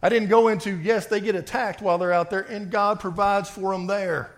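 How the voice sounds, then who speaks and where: A man preaching a sermon and reading scripture aloud, swinging between forceful outbursts and quiet reading. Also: high-pitched, steady tone, a little fast. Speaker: pastor.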